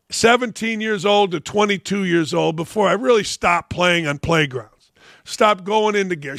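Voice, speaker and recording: Blunt, gravelly older man ranting. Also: sits high, fairly bright tone, no echo, studio quality. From Northwest Indiana. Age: 60s. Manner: blunt, combative, profane. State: slightly under the weather. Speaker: host. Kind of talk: opinionated sports commentary.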